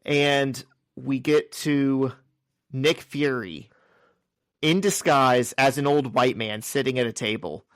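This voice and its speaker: A man's voice: medium pitch, no room sound, studio quality. A man co-hosting a podcast, casually walking through a comic's scenes with crude jokes along the way. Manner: crude, joking, recounts scenes in order. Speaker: podcast co-host. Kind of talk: casual chat recapping a comic.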